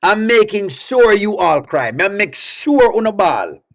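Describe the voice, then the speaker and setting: A man hosts a casual reaction commentary, his voice sitting notably high for a man. He talks emphatically, circles back to the same points again and again, and breaks into laughter often. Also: very animated, unhurried, slight background noise. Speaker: reaction video host.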